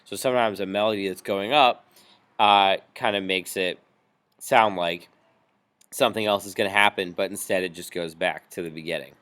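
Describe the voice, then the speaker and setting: A man teaching a music software tutorial, explaining each step patiently with frequent ums. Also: low voice, fairly even intonation, normal speed, clean tone. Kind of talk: screen-recorded software tutorial.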